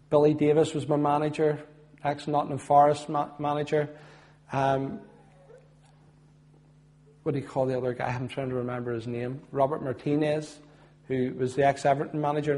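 A middle-aged Belfast man from Northern Ireland, a former footballer, delivers his testimony like a sermon. He speaks earnestly, growing loud on matters of faith before sinking to a low, soft tone.

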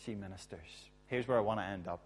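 A man's voice: on the low side, fast talker, slight background noise. Chatty, jokey man preaching a sermon. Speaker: pastor.

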